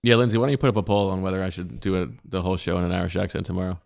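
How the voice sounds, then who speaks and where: A man co-hosting a casual sports podcast, ribbing his partner in quick back-and-forth banter. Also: low-pitched, level tone, gravelly, darkish tone. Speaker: podcast co-host.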